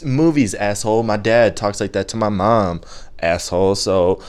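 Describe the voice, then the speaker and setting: A man's voice: lowish voice, normal speed, clear, resonant tone, lightly acted. A man voicing a bossy, foul-mouthed teenage girl who snaps and swears dismissively. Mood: snapping.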